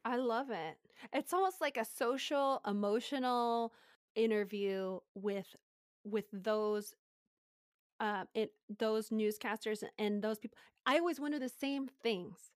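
A woman's voice: a little high, unhurried, dry recording, studio quality. A woman hosting a podcast in casual chat, talking freely with lots of fillers and frequent laughter. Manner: chatty, laughs often, lots of "like" and "you know". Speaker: podcast host.

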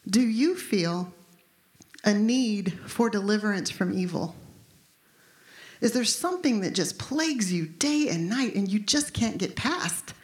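A woman's voice: medium pitch, expressive, unhurried. A woman in her fifties preaching a conversational, emphatic sermon as pastor. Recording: echoey room.

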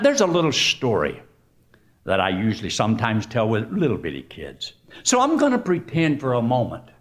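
A man preaching a sermon in a folksy, emphatic storytelling way with dramatic swings. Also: mid-range voice.

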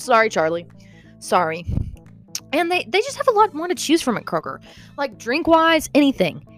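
Chatty young woman with a lively voice. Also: medium pitch. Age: young adult. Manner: animated, rambling, lots of "okay?" and "like". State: slightly out of breath. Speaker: vlogger. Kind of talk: casual chatty vlog.

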